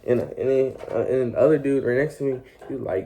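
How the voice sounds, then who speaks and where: A man's voice: medium pitch, fairly quick, warm tone, slight background noise. A young man telling a personal story in a casual, rambling way, full of slang and restarts.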